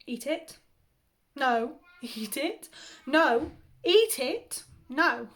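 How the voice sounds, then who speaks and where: A woman voicing a stubborn young boy who answers back in a high, defiant voice. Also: lively intonation, very slow, full character voice. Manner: defiant and cheeky.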